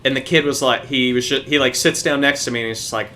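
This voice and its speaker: A man's voice: medium pitch, fairly even intonation, quick pace, sharp tone. A young man, a podcast co-host, telling a profane story in casual chat.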